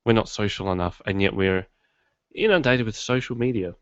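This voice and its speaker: Chatting casually from a home studio in his garage, a man hosts his podcast in a rambling, self-deprecating way. His voice is lowish and brisk. The sound is dull, lo-fi and dry, with no echo.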